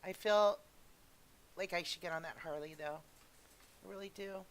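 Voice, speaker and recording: A woman in her twenties hosting a casual podcast stream, chatting in an animated way and acting out other people's lines. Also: fairly low pitch, normal speed. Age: 20s. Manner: animated, laughing, acts out friends' lines. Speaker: podcast host.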